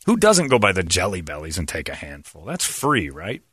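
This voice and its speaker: A middle-aged man hosting a radio show, telling stories in a rambling, animated way. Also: low-pitched, brisk, slightly rough, no echo, studio quality. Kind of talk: morning radio banter.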